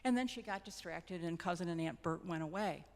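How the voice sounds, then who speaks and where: A middle-aged woman, a hospice nurse, telling personal stories in a gentle, reflective, sometimes halting way. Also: fairly low pitch. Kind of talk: personal storytelling talk. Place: church hall. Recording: long hall reverb.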